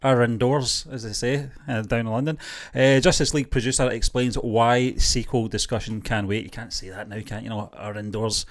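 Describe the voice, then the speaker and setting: A man's voice: medium pitch, fairly even intonation, brisk, hardly any pauses. A man co-hosting a movie news show, chatting casually and reading news aloud with lots of fillers. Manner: chatty, rambling, with frequent fillers. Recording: online show livestream.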